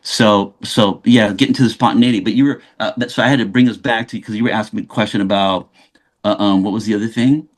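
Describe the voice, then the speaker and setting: A man, an actor guest in a casual interview, telling animated stories and acting out the dialogue. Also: fairly low pitch, fast. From Los Angeles. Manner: animated storyteller who acts out quoted dialogue.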